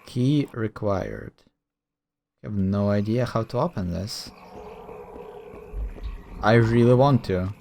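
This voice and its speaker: Slow, low-voiced man narrating gameplay. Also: a little hiss or hum. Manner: relaxed, rambling, thinking aloud with many fillers. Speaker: gameplay commentator. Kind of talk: casual let's-play commentary.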